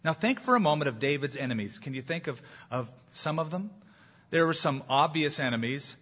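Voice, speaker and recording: A slightly high, husky male voice preaches with emphatic, animated delivery. He is a pastor in the middle of a sermon, and his points land with a touch of humor. The recording sounds dull and lo-fi. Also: a little fast.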